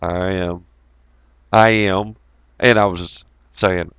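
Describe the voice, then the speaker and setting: A man's voice: low-pitched, steady tone, takes it slowly, pauses often, fairly bright tone, smooth, no echo. A man, telling rambling, profane road stories to his viewers in a loose, joking way. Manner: profane, rambling, jokey, greets chat viewers. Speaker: channel host. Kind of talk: casual rambling storytelling to viewers.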